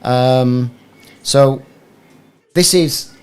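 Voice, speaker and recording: A man's voice: mid-range voice, drawn-out words, clear, resonant tone. Chatty man testing his mic. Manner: rambling, chatty, self-deprecating. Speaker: gaming streamer. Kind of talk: casual live stream chat. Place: small warm home room. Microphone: desk podcast microphone. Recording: faint room fan noise.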